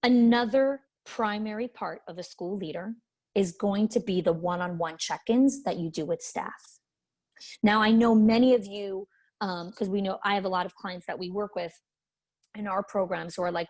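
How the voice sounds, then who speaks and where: Emphatic, husky-voiced woman coach. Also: medium pitch, moderate pace. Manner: emphatic, repeats key points. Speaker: leadership coach. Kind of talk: webinar teaching. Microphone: webinar microphone.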